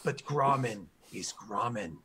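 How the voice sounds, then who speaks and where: A man's voice: lively intonation, sharp tone. A man voicing a boastful, dim-witted male orc guard who speaks in broken grammar. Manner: broken grammar, slow booming praise.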